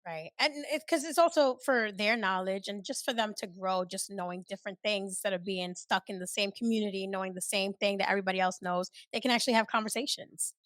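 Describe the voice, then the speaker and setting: A woman from the Bronx hosting a podcast, chatting casually, lively and quick to laugh as she acts out what people said. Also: medium pitch, dry recording. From Bronx, New York. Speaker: podcast host. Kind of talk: casual chat.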